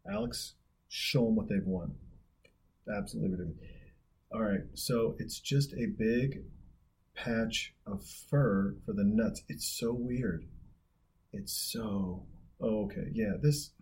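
Low, husky man rambling through reaction commentary. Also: takes it slowly, a little mellow. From Montana, USA. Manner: rambling, profane, jokey, trails off in restarts. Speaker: video host reacting to a film.

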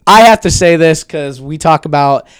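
A man's voice: fairly high pitch, normal speed, smooth, dry recording. A man in his twenties co-hosting a podcast, chatting casually, joking and swearing freely. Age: 20s. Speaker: podcast co-host. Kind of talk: casual chat.

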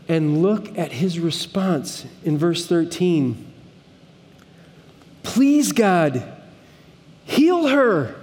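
A man's voice: fairly high pitch, warm tone, big-room sound. A man preaching a sermon as pastor, earnest and conversational, with pleading emphasis at times.

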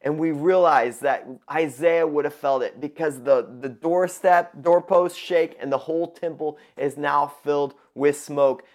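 A man's voice: on the high side, fairly even intonation, measured pace, few pauses. A man preaching a sermon to his congregation, emphatic and repeating words for stress. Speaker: pastor.

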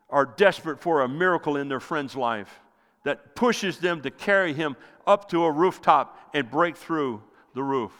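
A male pastor preaching a sermon with passion, rising loud and then dropping to near quiet. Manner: impassioned preaching, swells loud then drops low. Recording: long hall reverb.

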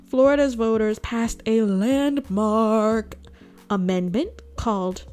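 A woman's voice: fairly high pitch, slow, darkish tone, clean tone, soft background music. A woman hosting a political news commentary, talking sarcastically and throwing out rhetorical questions to her viewers. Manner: sarcastic, asks rhetorical "guess what" questions. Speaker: host.

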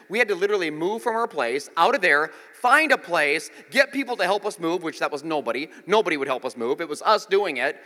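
A man's voice: sits high, expressive, a little fast, few pauses, sharp tone. A man in his forties preaching a sermon, telling jokey stories with voiced quotes, in a church auditorium. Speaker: pastor. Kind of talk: sermon with storytelling. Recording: reverberant hall.

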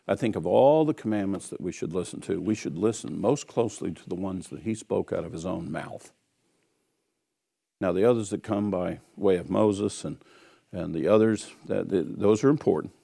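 A man delivers a sermon, weaving a personal story into earnest exhortation. His voice sits very low, with a rough gravelly edge and a husky grain. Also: dark tone. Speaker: preacher.

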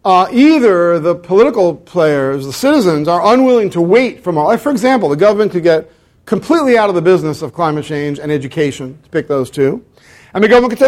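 Male law professor, high-pitched, wry and animated, lecturing and fielding questions. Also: fast talker. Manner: wry, self-mocking humor; animated, fond of mock dialogue. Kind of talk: academic lecture with Q&A. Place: university lecture hall.

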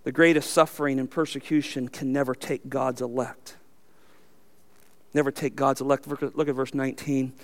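A man's voice: medium pitch, little pitch movement, normal speed. A man, a pastor, preaching a sermon emphatically and asking the congregation rhetorical questions.

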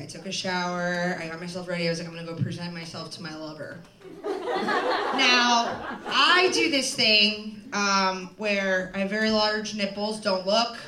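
Rambling woman comedian on a noisy stage. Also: mid-range voice. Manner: self-deprecating, rambling with many fillers. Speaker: stand-up comedian. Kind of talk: live stand-up storytelling. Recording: echoey room from far off, loud crowd laughter. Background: loud audience laughter.

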